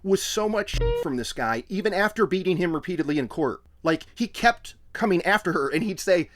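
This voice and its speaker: Male comic podcast co-host, lively swooping delivery, voices other people for laughs. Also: high voice, brisk. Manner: animated, joking, mock-quotes people in voices. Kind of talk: casual comedic recap chat.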